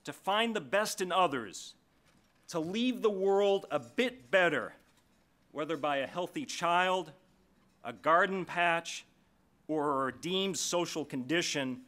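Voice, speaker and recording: A man stands at a formal dinner and introduces the evening's keynote speaker in a prepared, measured speech. His voice is bright and sits a little high. He slows down to lean on key phrases. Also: animated. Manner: measured, slowing for emphasis. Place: large banquet hall.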